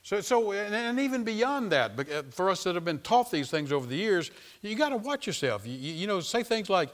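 An older man preaching a sermon as pastor, repeating phrases and swinging from loud to hushed. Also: sits high, big pitch swings, brisk.

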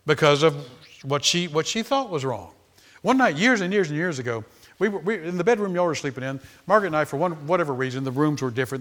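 A man in his sixties preaching a sermon, telling stories that start low and soft and build to loud, high, animated peaks. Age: 60s. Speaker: pastor. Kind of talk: sermon storytelling.

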